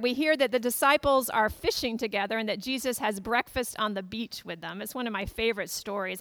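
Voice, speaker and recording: Woman pastor preaching, kinda high voice, tells stories and acts out the people in them. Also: fairly bright tone, no room sound. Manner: storytelling, acts out quoted voices. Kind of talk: sermon.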